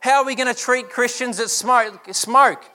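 Preaching at a normal pace, this young pastor speaks with a bright, high-pitched voice. One sincere rhetorical question follows another as he makes his case.

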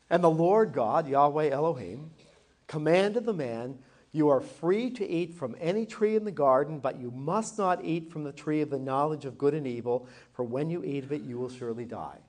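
A man teaching a Bible class lesson, telling the story expressively and slowing down to act out quoted lines. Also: fairly high pitch, darkish tone. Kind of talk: Bible class lesson with acted scripture reading.

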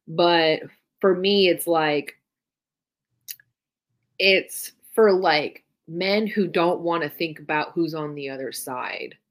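A woman's voice: low-pitched, takes it slowly. A woman co-hosting a podcast, telling stories casually and swearing freely. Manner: swears freely, animated storytelling. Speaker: podcast co-host. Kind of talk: casual chat.

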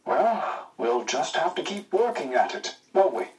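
Man doing a teasing young pilot, brisk dry wit, fairly high voice, mic set back. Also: big pitch swings, recorded from a distance, poor audio. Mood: wry. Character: cheerful young Englishman, wartime pilot, joking. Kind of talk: audiobook character voice.

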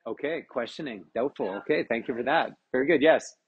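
A man leading a live group workshop as a yoga teacher, giving brisk, encouraging instructions and acknowledging each answer with a quick "okay, very good.". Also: medium pitch, breathy edge, muffled recording. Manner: laughs often while checking in with participants. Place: live session at a retreat.

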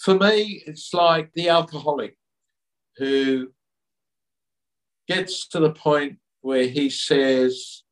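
A man being interviewed, talking in an earnest, reflective way with halting restarts. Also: on the high side, far from the mic, poor audio. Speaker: interview guest. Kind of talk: reflective conversational storytelling.

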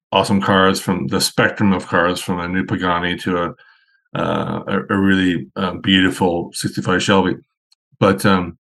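A man with a fairly low voice talks as a podcast guest. He rambles through car-show anecdotes in a loose, conversational way. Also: fairly bright tone.

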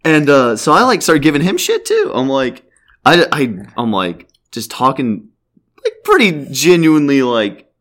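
A man's voice: fairly high pitch, huge pitch swings, a little slow, fairly bright tone. Young man telling a rambling, profane story. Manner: rambling, profane, many "like" fillers; laughing through the story. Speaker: podcast host telling a story. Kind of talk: casual storytelling chat.

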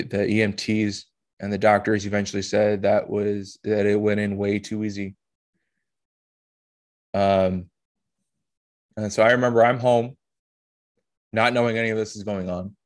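Man, podcast host, low voice, monotone, emotional, halting, blunt swearing. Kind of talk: personal storytelling monologue.

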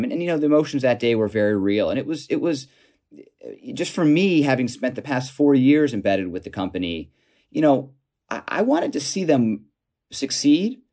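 A man of ordinary pitch tells stories as an interview guest. He talks in a halting way, restarting his sentences and stacking up fillers, and chuckles as he goes. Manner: animated, chuckling while telling anecdotes. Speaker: author and guest. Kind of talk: storytelling interview answer.

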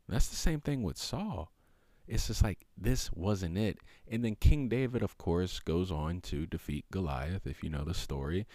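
Deep-voiced man in a casual podcast monologue. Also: a little mellow, dry recording. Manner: loose, with many "like" and "you know" fillers and restarts. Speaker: podcast host.

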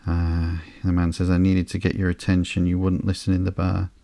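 A man hosting a sleepy podcast, reading through a comic slowly and flatly with frequent ums and uhs. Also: sits low, creaky, dry recording, studio quality. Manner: slow, flat and unhurried, with frequent ums and uhs. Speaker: podcast host.

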